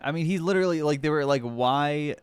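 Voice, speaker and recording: A man's voice: on the high side, fairly even intonation, rapid-fire, clean tone, dry recording. A young man streaming and reacting to videos, talking to his chat in a profane, sarcastic way. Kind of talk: casual live-stream commentary.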